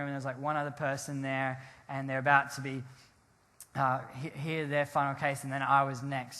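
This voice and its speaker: A man, a pastor telling a rambling, animated story in a sermon, often laughing and restarting his sentences. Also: on the high side. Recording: long hall reverb.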